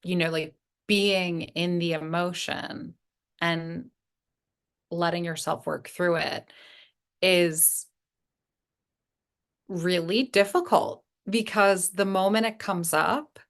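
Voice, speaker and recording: A woman in a casual spiritual podcast chat, speaking reflectively and haltingly, pausing mid-thought. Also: lowish voice, steady tone.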